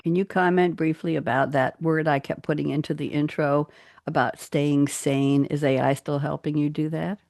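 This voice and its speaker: This is a woman hosting a live talk show. She is chatty and upbeat, with a gravelly, creaky texture to her voice, and the sound is dry and close. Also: sits low, steady tone, moderate pace, a little mellow, no echo. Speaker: host. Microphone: studio microphone.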